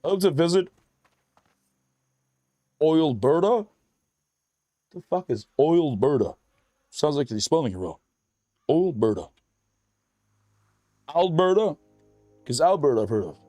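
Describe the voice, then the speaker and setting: A man streams a game and chats loosely with his viewers, swearing freely as he reads their messages aloud. His voice sits a little high, and soft game music plays underneath. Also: animated, a little fast, dry recording. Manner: loose, profane, chatty, reads chat aloud. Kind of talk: casual gaming stream chat.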